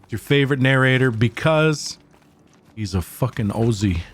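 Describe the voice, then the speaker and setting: A man's voice: medium pitch, expressive, normal speed. A man streaming a game, talking casually and profanely in a rambling way. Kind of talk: casual gameplay commentary.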